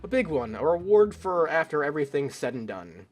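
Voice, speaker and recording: A man's voice: on the high side, very animated, fairly quick, soft background music. A man voicing an upbeat, teasing bar boss who cheers an employee on, reading game dialogue aloud. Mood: encouraging. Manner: upbeat, encouraging. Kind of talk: let's play voice acting.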